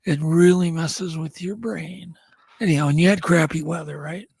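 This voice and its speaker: Podcast guy rambling thru the news, kinda high voice, dry close sound. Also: steady tone, moderate pace, a little mellow, slightly rough, no room sound. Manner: chatty, rambling news rundown with restarts. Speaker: podcast co-host. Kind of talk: casual chat.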